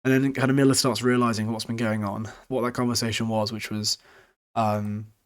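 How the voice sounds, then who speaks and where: A man's voice: lowish voice, flat delivery, normal speed. A young British man casually recapping a book chapter for a podcast, rambling and swearing freely with frequent chuckles. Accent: British English.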